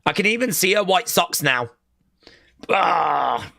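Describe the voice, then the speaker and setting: A young man hosting a live wrestling watch-along, calling the action and chatting with viewers, often shouting at big moves. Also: sits high, very animated, fairly quick, no echo, studio quality.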